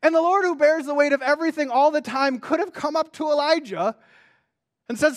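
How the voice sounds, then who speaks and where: High-voiced pastor preaching conversationally. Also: male voice, fairly quick. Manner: conversational, animated, with frequent restarts and rhetorical questions. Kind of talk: sermon.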